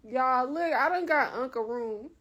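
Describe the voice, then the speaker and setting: High-voiced young woman vlogging on a street. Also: a little slow. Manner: emotional, chatty, addresses viewers directly. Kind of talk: casual phone vlog. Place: outdoors on city streets. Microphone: phone camera at arm's length. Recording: loud street noise behind.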